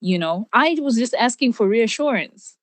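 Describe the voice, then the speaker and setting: Young woman guest, animated storyteller, laughs a lot, dry close sound. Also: fairly high pitch, moderate pace, no room sound. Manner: animated, laughs often, restarts sentences. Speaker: podcast guest. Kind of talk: candid storytelling in conversation.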